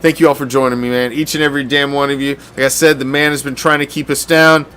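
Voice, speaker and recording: A man's voice: medium pitch, level tone, fast, sharp tone, a little hiss or hum. A man hosting a fan sports show, ranting in a heated, sarcastic and profane way, with loose stumbling restarts. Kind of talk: casual ranting commentary.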